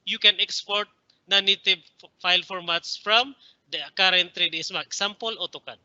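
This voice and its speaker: A male instructor giving a screen-recorded software tutorial, explaining step by step with frequent fillers and addressing viewers as friends. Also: high-pitched, a little fast, no echo, lo-fi sound.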